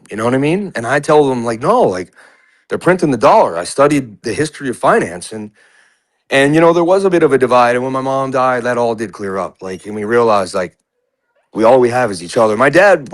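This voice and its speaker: A man's voice: medium pitch, no echo, poor audio. A man in his forties from New York, a guest telling personal stories in a rambling way, full of filler words. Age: 40s. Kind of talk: casual conversation.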